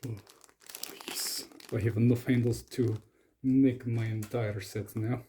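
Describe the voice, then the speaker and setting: A man's voice: medium pitch, level tone, unhurried, dark tone, a little hiss or hum. A young man doing playful, comic commentary while unboxing lock picks, sometimes slipping into a mock Russian persona.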